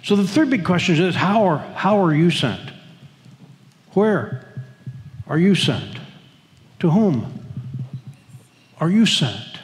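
A man's voice: sits high, big pitch swings, takes it slowly, long pauses, big-room sound. A male pastor preaching a sermon emphatically, often restarting his phrases. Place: church sanctuary.

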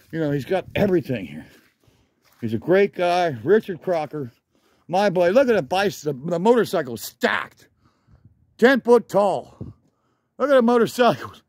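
A male vlogger strolls through a junkyard with his camera, enthusiastically calling out vehicle names in a casual, slightly breathless commentary. He has a high-pitched, somewhat mellow voice, and there's no room sound.

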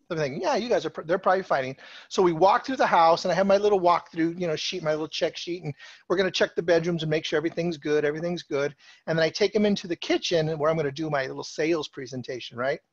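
A middle-aged man with a slightly high voice tells a story to a room, loose and conversational, piling up fillers and restarts as he goes. The sound is dry and close, a bit dull and lo-fi. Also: dry recording. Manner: casual, chatty, many fillers and restarts. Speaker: speaker telling a personal story. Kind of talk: storytelling talk to an audience. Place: presentation stage.

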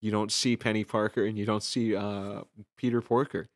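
Low-voiced young man rambling on a podcast. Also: little pitch movement, moderate pace, dry recording. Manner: rambling storytelling with many fillers and restarts. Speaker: podcast host. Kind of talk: casual podcast chat.

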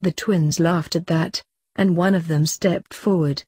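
A woman reading fanfiction aloud in a steady narrating voice. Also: on the low side, unhurried, slightly rough, no room sound. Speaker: fanfiction reader.

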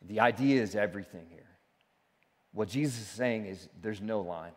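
A man's voice: fairly low pitch, moderate pace. Man preaching in a reverberant church. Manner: animated preaching with rising emphasis and asides. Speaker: pastor. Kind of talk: sermon. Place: church sanctuary. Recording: church sanctuary with long reverb.

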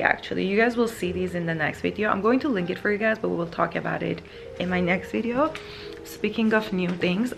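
A woman's voice: on the low side, vocal fry, a bit bright, low-quality recording. A woman in her thirties chatting casually to her viewers in a lifestyle vlog, gushing and full of fillers. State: out of breath. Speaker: lifestyle vlogger. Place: in a car.

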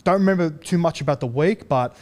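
A man, a guest telling stories in a relaxed, halting way with frequent chuckles. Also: on the high side. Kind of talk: casual storytelling.

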